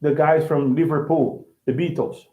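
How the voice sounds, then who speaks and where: A male language teacher with a Brazilian Portuguese accent explains English casually, halting and repeating words. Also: on the high side, fairly even intonation, a little mellow. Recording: echoey, tinny phone-like sound.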